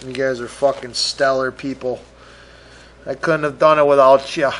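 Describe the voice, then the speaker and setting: A man's voice: medium pitch, steady tone, normal speed, a bit bright. A middle-aged man hosting a casual solo podcast, rambling, swearing freely and mocking himself. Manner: rambling, profane, self-mocking. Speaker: podcast host.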